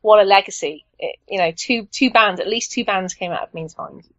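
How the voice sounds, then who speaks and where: A woman's voice: medium pitch, fairly quick, a bit bright, no echo, highs cut off. A woman guest on a podcast, chatting enthusiastically and rambling with plenty of fillers. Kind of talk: casual chat.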